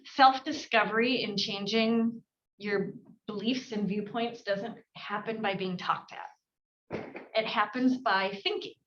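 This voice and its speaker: A woman coaching real estate agents in an energetic team training talk, switching her inflection to act out client dialogue. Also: mid-range voice, unhurried, dull audio, slight background noise.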